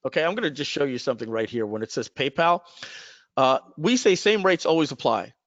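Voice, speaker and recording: A man's voice: fairly high pitch, animated, brisk, a bit bright, dry recording, muffled recording. A man hosting a live webinar, talking in a chatty sales manner and telling stories with asides. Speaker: webinar host.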